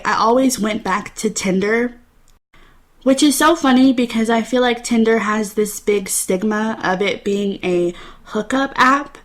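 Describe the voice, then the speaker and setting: Young woman, twenties, solo podcast host; candid, chatty storyteller, mid-range voice. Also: medium pitch. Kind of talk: casual solo podcast talk.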